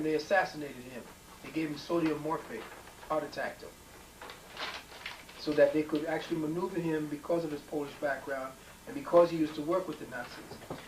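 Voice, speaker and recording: A man with a fairly high voice lectures to a live crowd, emphatic and prone to wandering off and restarting his sentences. He is picked up from a distance in a reverberant room with a faint hiss underneath. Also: a little mellow. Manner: emphatic and digressive, with frequent restarts and fillers.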